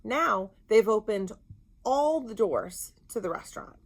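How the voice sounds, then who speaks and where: A woman co-hosting a podcast, telling a story in casual chat, animated and indignant. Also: medium pitch, unhurried, gravelly. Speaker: podcast co-host.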